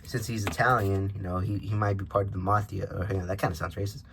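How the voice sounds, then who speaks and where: Talking fast in a deep, level voice, a man rambles through a casual unboxing vlog about a toy figure, constantly cutting in with side comments. It's captured on a camera microphone, and background noise is present.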